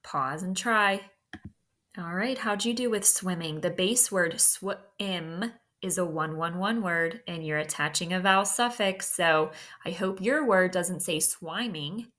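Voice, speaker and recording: Woman teacher dictating words slowly. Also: lowish voice, fairly bright tone. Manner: slow, deliberate dictation. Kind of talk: spelling dictation lesson.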